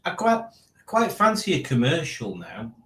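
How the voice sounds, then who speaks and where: A man's voice: fairly high pitch, wildly swooping pitch, normal speed, a bit bright. Chatty male live stream host, roomy. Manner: rambling, dry playful teasing, reading chat aloud. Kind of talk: casual live stream chat. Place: home room.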